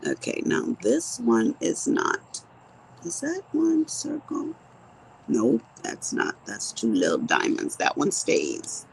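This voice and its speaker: Gravelly, low-voiced woman in her fifties. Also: huge pitch swings, takes it slowly, slight background noise, rough recording. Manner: chatty storyteller talking to viewers as she works. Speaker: crafting vlogger. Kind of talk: casual chat while crafting.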